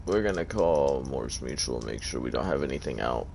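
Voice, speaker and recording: A man's voice: very deep voice, lively intonation, moderate pace, gravelly, darkish tone, slight background noise. A tired man giving casual, rambling gameplay commentary in an offhand, hesitant way. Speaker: gamer.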